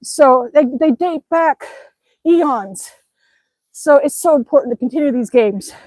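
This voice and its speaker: A chatty woman with a high, bright voice streams live from outside in the snow, reading viewers' comments aloud and laughing often. She sounds a little winded from exercise, and the sound is close and dry. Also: lively intonation, unhurried, no room sound, poor audio. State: slightly out of breath from exercising outdoors. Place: outdoors in the snow.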